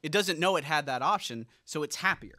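A man's voice: on the high side, expressive, a little fast, sharp tone, dry recording, studio quality. A young man chatting casually as a podcast co-host, rambling through jokey ideas with lots of stammered restarts. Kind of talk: casual comedic chat.

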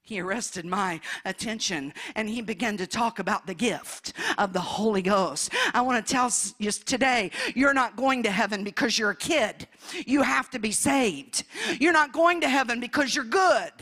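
A woman preaching in a church, telling her testimony with emotion, moving between hushed passages and loud ones. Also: on the high side, normal speed. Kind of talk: testimony sermon.

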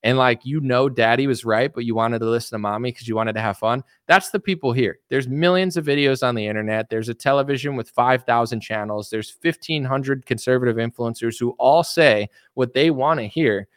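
A young man hosting a casual commentary stream, blunt and boastful as he rants. His voice is mid-pitched and sounds dry and close. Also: brisk, hardly any pauses, clean tone, no echo. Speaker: online commentary host.

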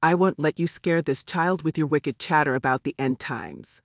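A man's voice: on the high side, normal speed, dry recording, clean studio sound, close to an everyday voice. A man reading the part of a protective, formal aunt, indignant and proper in an audiobook.

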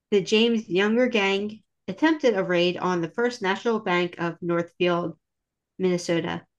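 A woman's voice: fairly low pitch, lo-fi sound. A woman co-hosting a casual history podcast, reading from notes with wry asides. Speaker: podcast co-host.

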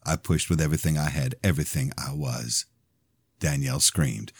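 A man with a very low, deep voice reads his own novel aloud in steady first-person narration. The sound is dry and close, with no room around it. He keeps an even pace as a podcast host sharing his fiction. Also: moderate pace, husky, no echo.

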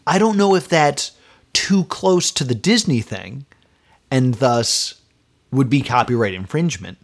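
A man hosts a casual podcast film review, alone at the mic. His voice swoops widely up and down as he rambles and vents, leaning on fillers throughout. He sounds exasperated rather than calm. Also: mid-range voice, measured pace. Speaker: podcast host.

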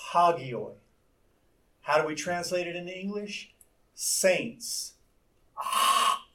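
Male Bible teacher, slow and deliberate, fairly high voice, asks questions to explain. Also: fairly bright tone, distant mic. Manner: explains by posing rhetorical questions. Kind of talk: Bible lesson.

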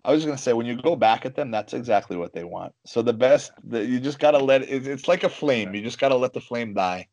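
Animated man telling casual stories. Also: mid-range voice, fast talker, few pauses, no echo. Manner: animated, repeats and restarts, says "bro" and "you know". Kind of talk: casual storytelling chat.

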